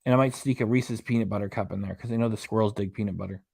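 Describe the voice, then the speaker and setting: A man's voice: on the low side, fairly even intonation, rapid-fire, gravelly, a little mellow, breathy edge. Chatty man reading live chat. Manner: chatty, chuckles often, reads chat aloud. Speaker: livestream reaction host. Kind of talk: casual livestream chat reading comments. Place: small apartment.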